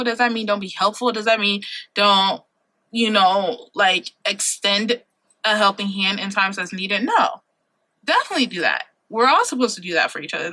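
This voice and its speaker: A woman's voice: fairly high pitch, sharp tone. A woman in her late twenties giving earnest life advice in a casual vlog, repeating her key points for emphasis and tossing in slangy asides. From Ohio, USA. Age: late 20s. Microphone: compact camera mic.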